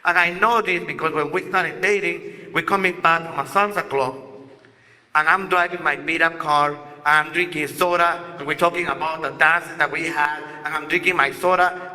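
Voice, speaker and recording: A man from Guatemala, a native Spanish speaker, tells a story live on a festival stage. His voice is bright and piercing and sits a little high. He talks in an expressive, animated way, and a long hall reverb trails each line. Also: moderate pace.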